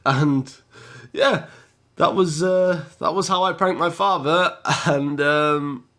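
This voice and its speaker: A man's voice: a little high, takes it slowly, a bit bright. A man with a British accent telling a story to his viewers in a chatty vlog style, often calling them guys. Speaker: YouTuber.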